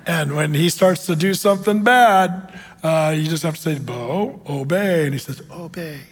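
A man's voice: fairly high pitch, moderate pace, slight background noise. Older man preaching in a hall. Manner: conversational, many fillers and restarts, acts out quoted voices. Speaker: pastor. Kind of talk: sermon.

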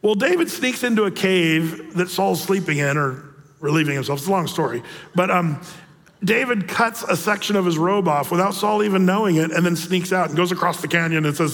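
A pastor in his sixties preaches in a loose, conversational, storytelling way. His voice sits high for a man and trails a long reverb from a big hall. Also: a little fast, a bit bright. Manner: conversational, storytelling, acts out quotes. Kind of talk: sermon.

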